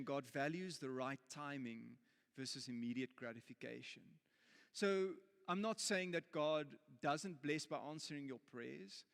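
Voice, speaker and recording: In a church auditorium, a pastor with a South African accent preaches a sermon, telling a story in a jokey, playful way before turning earnest. His medium-pitched voice is gravelly and echoes in the large hall.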